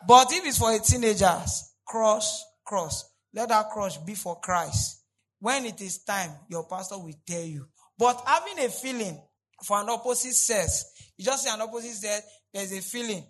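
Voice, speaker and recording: A man delivers a sermon in a high, bright voice. He repeats key lines and swings from quiet asides up to loud, emphatic peaks. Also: moderate pace, low-quality recording. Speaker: pastor.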